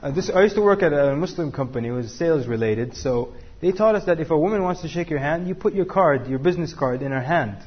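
A man's voice: fairly high pitch, lively intonation, fast, hardly any pauses, husky, lo-fi sound. A man teaching a class, joking and asking the room questions. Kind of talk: interactive class talk with students.

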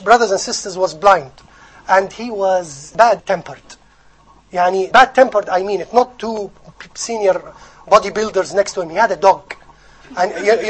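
A man's voice: high-pitched, poor audio. Man preaching. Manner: animated storytelling with jokes. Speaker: Islamic preacher. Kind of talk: sermon.

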